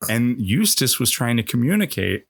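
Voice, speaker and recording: A man's voice: mid-range voice, very animated, moderate pace, creaky, no room sound, studio quality. A man co-hosting a comedy podcast, recapping the story with wry jokes. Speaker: podcast co-host. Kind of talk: casual comedic chat.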